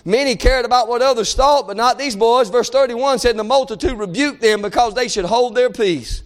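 Impassioned high-voiced preacher shouting. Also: male voice, normal speed. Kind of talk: sermon. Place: church service.

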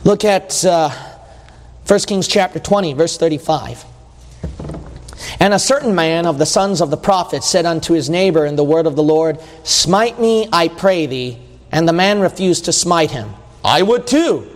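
A man's voice: a little high, lively intonation, normal speed, long reverb tail. A man preaching a sermon, reading scripture aloud and asking his listeners questions in a conversational way.

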